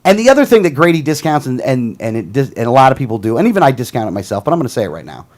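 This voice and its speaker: A man's voice: medium pitch, big pitch swings, very fast, darkish tone. Heated, combative male talk show host. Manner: heated, combative, repeats himself. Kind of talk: casual political rant.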